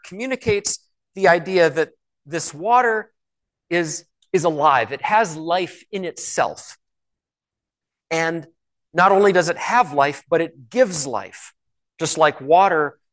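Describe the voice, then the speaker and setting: A man preaching a sermon in a conversational way, asking rhetorical questions and slowing down to stress key words. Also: on the high side, a bit bright. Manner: slows and stresses key words when reading scripture.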